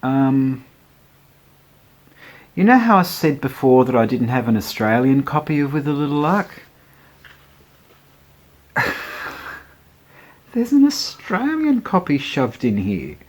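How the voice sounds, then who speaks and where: Man, casual record-collector chat, rambling, chuckles a lot, mid pitch. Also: very animated, slow pace, long pauses. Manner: chatty, rambling, often chuckling.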